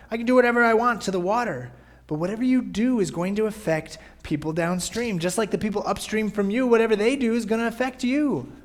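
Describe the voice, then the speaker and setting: A male pastor preaching a sermon in a conversational way, often checking in with his listeners. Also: a little high. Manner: conversational, often asking "right?". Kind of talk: sermon podcast.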